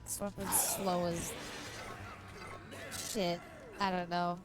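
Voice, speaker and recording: Slow-talking woman streamer, laughing. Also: on the low side, little pitch movement, over music, poor audio. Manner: laughs often, reads chat aloud and banters. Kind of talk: casual livestream chat while gaming.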